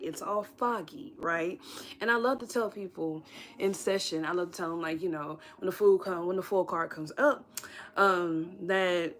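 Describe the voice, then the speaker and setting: A woman giving a casual, reassuring tarot reading on a livestream, chatty, with many "right?" tag questions. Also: mid-range voice. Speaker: tarot reader.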